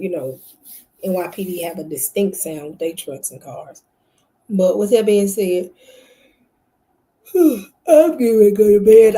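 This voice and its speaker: A woman's voice: on the low side, dark tone, rough recording. A woman hosting a casual late-night livestream from home, tired and sleepy, chatting directly to her viewers. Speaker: channel host.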